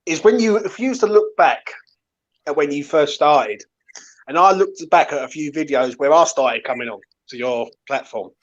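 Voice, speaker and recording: A man's voice: a little high, moderate pace, muffled recording. Man giving a heartfelt pep talk. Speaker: guest on a live watchalong stream. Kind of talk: casual encouraging chat.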